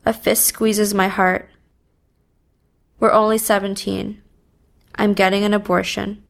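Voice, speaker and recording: A woman reading a first-person story aloud in a subdued, even manner. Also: medium pitch, creaky. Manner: slow, even, subdued delivery. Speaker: narrator.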